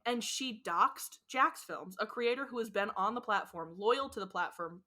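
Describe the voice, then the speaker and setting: A young woman co-hosting a podcast in casual chat, loud and gushing, swearing often and cackling. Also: medium pitch, lively intonation, moderate pace. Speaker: podcast co-host.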